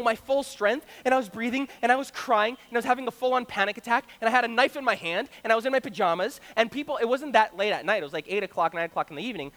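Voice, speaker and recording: Young guy from brazil preaching, high voice, animated storytelling, big echoey hall. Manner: animated, acts out quoted voices. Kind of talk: sermon storytelling. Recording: long hall reverb.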